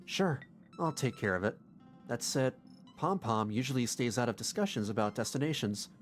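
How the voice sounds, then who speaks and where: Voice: mid-range voice, expressive, faint music behind, pitched below the performer's own voice, close to an everyday voice. A streamer voicing a bookish, reserved young man. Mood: measured. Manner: plain, measured reading. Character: reserved, bookish young male crew member. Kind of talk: reading game dialogue aloud.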